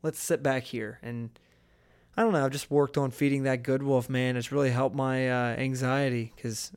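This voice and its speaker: Young male podcast host, mid-pitched, earnest and rambling in casual talk. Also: fairly even intonation, moderate pace, a little mellow, clean tone. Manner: rambling, restarts thoughts, earnest. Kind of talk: casual chat.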